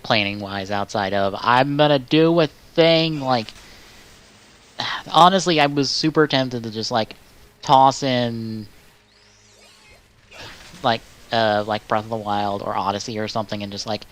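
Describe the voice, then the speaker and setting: A man's voice: mid-range voice, measured pace, pauses often. Rambling, cursing male stream host. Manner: rambling, full of filler words and swearing; bursts into loud exasperated outbursts. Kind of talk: casual live-stream chat.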